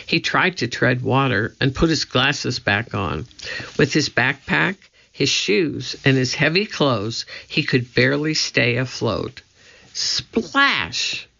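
Slow, gravelly man narrating a storybook. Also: medium pitch, expressive, bright, forceful tone. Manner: slow, measured, suspenseful reading. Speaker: audiobook narrator. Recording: dull lo-fi recording.

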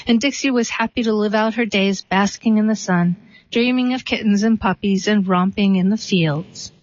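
A woman reads aloud in a calm, even storytelling voice at a middling pitch. The sound is close and dry with no room echo. It is also a little dull and muffled, lacking top end. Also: normal speed. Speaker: reader. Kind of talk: reading a story and a poem aloud.

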